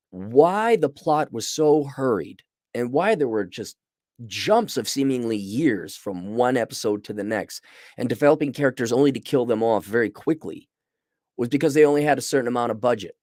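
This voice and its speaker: Middle-aged male host for a casual livestream review: blunt and rambling, lively pitch, dry close sound. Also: moderate pace, no echo. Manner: rambling, blunt, restarts mid-sentence. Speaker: show host reviewing a series.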